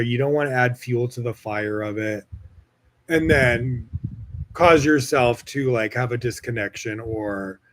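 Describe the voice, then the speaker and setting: A man hosting a solo podcast, talking in a casual, rambling way with lots of fillers and swearing. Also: medium pitch. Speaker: podcast host.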